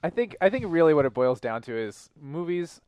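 A man's voice: on the high side, very animated, fairly quick, darkish tone, clear, resonant tone, no echo. Thoughtful man searching for words. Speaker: podcast co-host. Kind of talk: casual chat.

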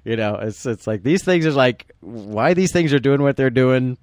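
A man with a lively, swinging pitch talks through a movie commentary with heavy swearing and plenty of laughter. His voice sits close and dry on the mic, and he hits his points hard. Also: moderate pace, no echo. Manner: profane, emphatic, lots of laughing. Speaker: podcast co-host. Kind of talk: casual movie commentary chat.

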